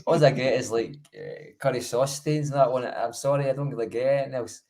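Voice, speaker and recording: A man's voice: mid-range voice, fairly quick, darkish tone. A Scottish man in his late thirties, a podcast co-host telling rambling, self-mocking, sweary stories in casual chat. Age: 30s.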